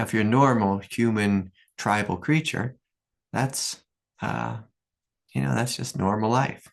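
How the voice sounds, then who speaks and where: A man's voice: on the low side, gravelly. A man in his fifties giving a reflective spiritual talk, telling personal stories earnestly with fillers along the way. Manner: earnest, storytelling, many fillers and laughs. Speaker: spiritual teacher.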